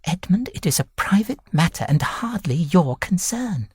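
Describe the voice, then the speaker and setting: A man's voice: high voice, very animated, moderate pace, slightly rough, dry recording, studio quality, pitched above the performer's own voice, exaggerated voice. A man voicing an anxious, protective middle-aged mother with a wobbling, pleading voice.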